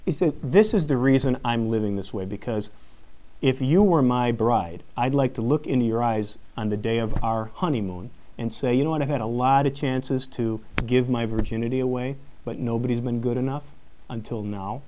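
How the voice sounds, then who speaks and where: A man, a high school teacher, giving a live conference talk, telling a story and acting out each exchange with frequent laughs. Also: normal speed. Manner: animated storyteller, acts out quotes, laughs often.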